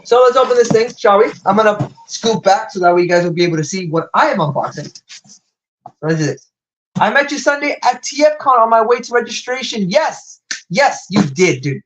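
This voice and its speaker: A young man with a slight Latin American Spanish accent, hosting a live toy unboxing stream and gushing with excitement. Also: a little fast, muffled recording. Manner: excitable, gushing, wide pitch jumps.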